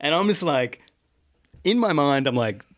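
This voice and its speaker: A young adult man, a guest actor telling a story in an animated, casual way with restarts and swearing. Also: on the high side, measured pace, no room sound, studio quality.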